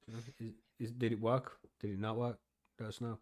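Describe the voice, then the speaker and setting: A man's voice: lowish voice, flat delivery, a little fast, darkish tone, no echo, clean studio sound. Laid-back man hosting a podcast. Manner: laid-back, swears casually, laughs often. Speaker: podcast host. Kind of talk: casual chat.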